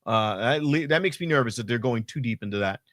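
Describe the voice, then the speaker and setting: A man casually recapping a wrestling show, animated and rambling, with lots of fillers and swearing. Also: medium pitch, brisk, no echo, clean studio sound. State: hot and sweaty. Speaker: podcast co-host.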